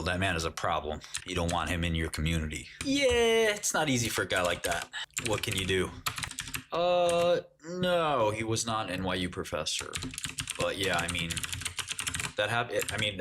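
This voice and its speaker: Man, forties, livestream host, casual joking chat, laughs a lot, low-ish voice, keyboard clicks in background. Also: noisy background. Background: keyboard typing.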